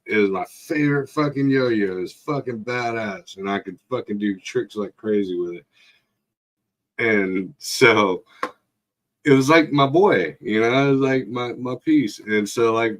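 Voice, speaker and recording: A man telling crude stories in a casual chat, swearing often and laughing. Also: lowish voice. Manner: profane, laughing storyteller.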